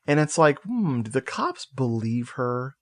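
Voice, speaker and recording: A man on a podcast casually recapping a movie plot, animated and joking, with swearing and laughing asides. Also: mid-range voice, measured pace. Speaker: podcast co-host.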